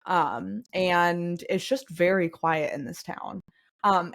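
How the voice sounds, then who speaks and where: A young woman running a tabletop game, narrating in a rambling way. She fills her lines with ums and likes and often breaks into giggles. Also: medium pitch. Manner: rambling, filler-heavy, giggly. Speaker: game master.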